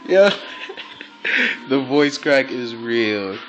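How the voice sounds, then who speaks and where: Excitable, swearing man playing a game. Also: medium pitch, very slow, dull audio, faint music behind. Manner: excitable, profane, repeats phrases, laughs often. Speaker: gameplay commentator. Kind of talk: casual gameplay commentary.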